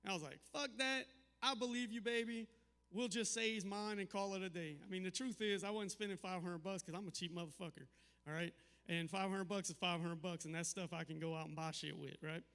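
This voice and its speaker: A middle-aged man doing a stand-up set, telling crude family stories with deadpan punchlines. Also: sits high, a little fast, clear, resonant tone, in a large hall. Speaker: stand-up comedian. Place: live comedy venue.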